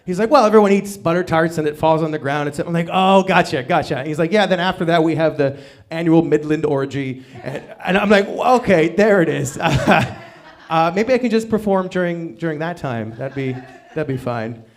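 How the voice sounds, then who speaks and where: A man doing an open mic stand-up set in a small venue, halting and self-deprecating, full of ums and restarts. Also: on the high side. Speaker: stand-up comic. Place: small live comedy venue.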